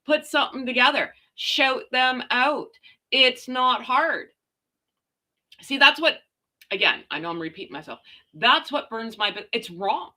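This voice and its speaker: A woman's voice: high-pitched, expressive, unhurried, bright, forceful tone. A woman hosting a casual gossip livestream, reading out viewer comments and ranting sarcastically. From Canada. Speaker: royal gossip livestream host.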